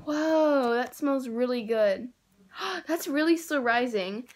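A teenage girl casually unboxing squishy toys, gushing and excitable, rambling with many fillers. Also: sits high, slow pace. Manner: gushing and excitable, with gasps and squeals; rambling, with many likes and self-corrections. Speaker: squishy toy haul vlogger.

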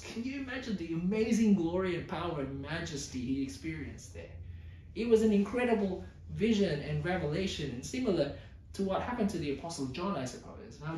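A male pastor preaching a sermon, explaining scripture with lively emphasis and playful asides. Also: fairly high pitch. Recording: roomy hall, voice a bit far from mic.

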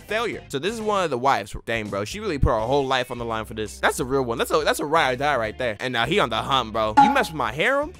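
A young man giving excitable anime reaction commentary with a slangy, joking manner. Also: mid-range voice, fast, few pauses, soft background music.

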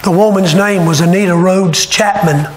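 A pastor preaching a sermon, retelling a story dramatically and with emotion. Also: male voice, high voice, steady tone, normal speed, reverberant, slight background noise, rough recording. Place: church sanctuary.

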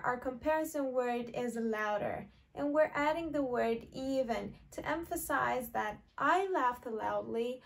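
In an online English lesson, a high-pitched woman models example sentences slowly and clearly so learners can repeat them.

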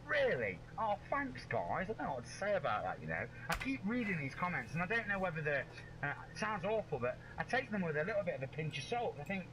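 A man chatting on a live stream, warmly thanking his viewers by name. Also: high voice, big pitch swings, fast talker, background noise. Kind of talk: casual live-stream chat.

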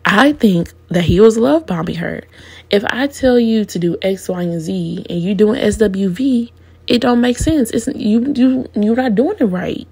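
A woman's voice: mid-range voice, a little slow, gravelly, mellow, slightly rough. A woman in her twenties giving a casual, opinionated recap of a reality show, talking candidly and in slang straight to her viewers.

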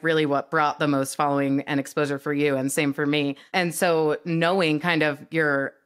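A woman's voice: deep voice, fairly bright tone, clean tone. A woman co-hosting a podcast in casual chat, playful and sarcastic by her own account. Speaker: podcast co-host.

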